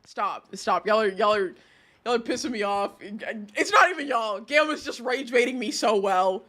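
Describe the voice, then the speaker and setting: A livestreamer chatting casually with viewers, excitable and exasperated, dropping to low mutters and then jumping to high outbursts. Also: normal speed.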